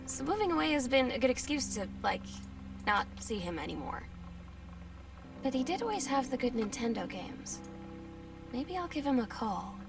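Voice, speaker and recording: A woman's voice: high voice, sing-song, moderate pace, creaky, pauses often, exaggerated voice. An actress voicing a teenage girl who narrates her journal in a wry, confiding way in a video game. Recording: game audio, distant, with music.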